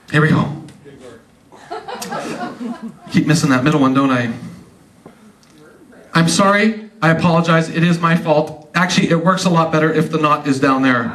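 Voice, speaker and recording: A man performing stand-up comedy magic for a live audience, teasing them with quick joking asides. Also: a little high, recorded from a distance. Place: live show venue. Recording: roomy live stage sound from off-mic, loud audience. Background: audience laughing.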